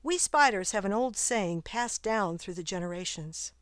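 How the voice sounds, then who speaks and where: A woman doing a calm wise old spider. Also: medium pitch, moderate pace, dry recording, studio quality, natural voice. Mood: solemn. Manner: calm, philosophical, gently teasing. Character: wise calm female garden spider nearing death.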